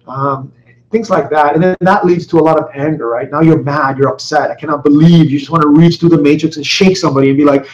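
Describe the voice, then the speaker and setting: A man with a fairly high voice presents a webinar, chatty and loose, full of "um"s and restarts, often asking his listeners questions. He sounds set back from the mic in an echoey room, and the audio is muffled. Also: steady tone, quick pace, darkish tone. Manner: conversational, many fillers and restarts, rhetorical questions. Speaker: company executive presenting a webinar. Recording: roomy, distant, dull webinar audio.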